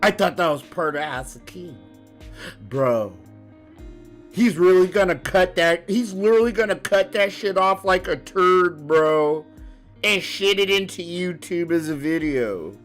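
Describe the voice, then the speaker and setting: A woman's voice: on the low side, animated, measured pace, soft background music. A woman streaming a live reaction, laughing constantly and riffing in profane slang. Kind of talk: casual live reaction commentary.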